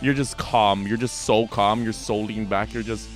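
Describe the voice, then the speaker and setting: A man's voice: on the low side, steady tone, faint music behind. Man narrating a tabletop game. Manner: vivid, drawn-out scene description with many fillers. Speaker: game master.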